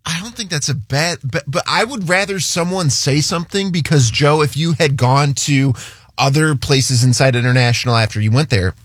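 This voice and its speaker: A man co-hosting a radio show, easygoing and quick to laugh in casual studio banter. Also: on the high side, no echo.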